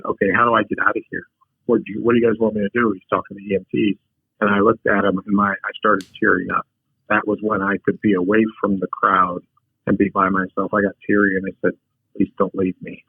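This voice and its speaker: Husky man telling his story over a tinny line. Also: on the low side, no room sound. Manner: frank, take-charge storyteller with many restarts. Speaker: podcast guest. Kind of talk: personal storytelling.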